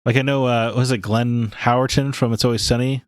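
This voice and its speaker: A man's voice: medium pitch, level tone, fairly quick, clean tone, dry recording. A man co-hosting a podcast, talking casually and often restarting his sentences. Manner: conversational, with frequent restarts. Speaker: podcast co-host.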